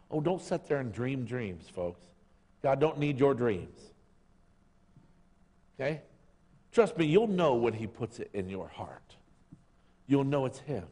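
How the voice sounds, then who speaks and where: A male pastor preaches in a loose, conversational way, teasing his congregation and calling for amens. His pitch swings widely from low asides to high exclamations. His voice rings through a big, long-echoing sanctuary. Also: darkish tone. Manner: casual and joking, calls out to the congregation, asks for amens. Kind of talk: lively sermon. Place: church service in a sanctuary. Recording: long hall reverb.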